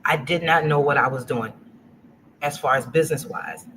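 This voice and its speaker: A middle-aged Louisiana woman, a guest in a casual interview, tells the story of her business with plenty of animation, acting out what people said to her and laughing often. Her voice is low and a bit bright at normal speed, and noisy livestream audio carries clear background noise.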